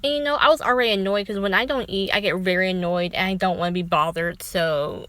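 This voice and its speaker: Casual storytime girl, talks fast n animated, cusses a lot, voice jumps way up for quotes. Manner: animated, swears freely, many "like" fillers; dramatic pitch jumps when quoting people. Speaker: vlogger.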